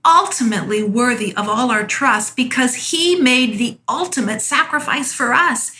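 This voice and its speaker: A woman's voice: on the high side, sharp tone, a little hiss or hum. A woman from a church sharing a short spoken devotional, earnest and storytelling, with small restarts.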